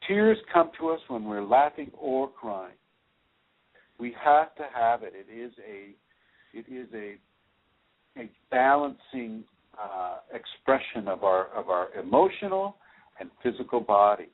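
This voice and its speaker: A man hosting a radio call-in show, giving spiritual advice in a slow, reassuring way with many repeated words and restarts. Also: medium pitch, lively intonation. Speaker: spiritual teacher, radio host. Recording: tinny phone line.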